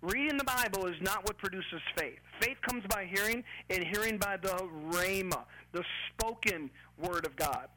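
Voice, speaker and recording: A pastor preaching a sermon in a church, emphatic and deliberate, with much repetition. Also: medium pitch, animated, pushed and bright, a little hiss or hum, low-quality recording.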